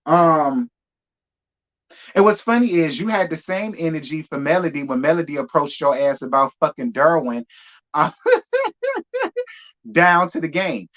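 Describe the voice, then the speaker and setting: A man's voice: fairly high pitch, moderate pace, fairly bright tone. A man, giving sassy, emphatic commentary on reality TV. He drives his points home by repeating them. The audio is muffled and lo-fi. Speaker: reality TV recap host. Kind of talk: live review commentary.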